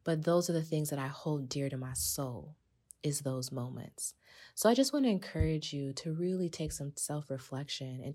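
A woman hosting a podcast, talking casually and with animation to her listeners. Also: low voice. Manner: animated, conversational, addresses listeners as sis. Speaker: podcast host.

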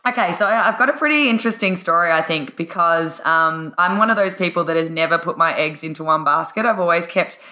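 Husky, laughing woman guest. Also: fairly low pitch, brisk, hardly any pauses, pushed and bright, echoey room. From Australia. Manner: enthusiastic, laughs often, rambling. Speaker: podcast guest, life coach. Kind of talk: casual interview chat.

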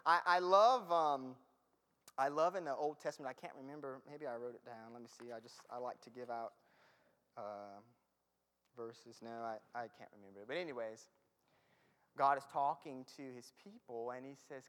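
Laughing preacher in a reverberant hall. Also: male voice, mid-range voice, normal speed, a bit bright, smooth. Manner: conversational, laughs often, loses his place. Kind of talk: sermon.

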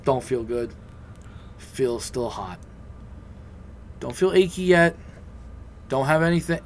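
A man's voice: medium pitch, slow, a little hiss or hum. Profane man telling a story. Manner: profane, animated, acts out quoted voices. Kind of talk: casual storytelling.

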